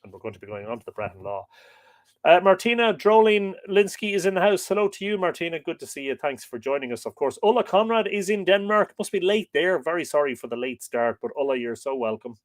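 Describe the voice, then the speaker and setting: A man's voice: on the high side, sing-song, normal speed, no echo. A man hosting a live stream, reading a history book aloud and chatting with viewers' comments in a rambling, chatty way. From Ireland. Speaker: livestream host.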